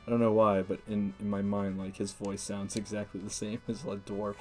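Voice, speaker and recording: A man's voice: on the low side, monotone, moderate pace, darkish tone. A man streaming a video game, chatting casually and rambling with frequent laughs and fillers. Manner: chatty, rambling, laughs often, uses lots of "like". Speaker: let's play streamer. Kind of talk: casual gameplay commentary. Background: faint game music.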